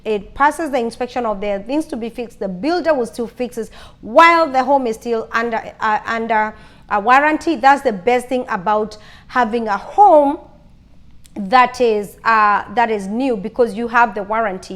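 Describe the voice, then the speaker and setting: A woman's voice: on the high side, moderate pace, fairly bright tone. A woman vlogger telling her own story in a casual, chatty way, often repeating herself and restarting sentences. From lives in Arizona.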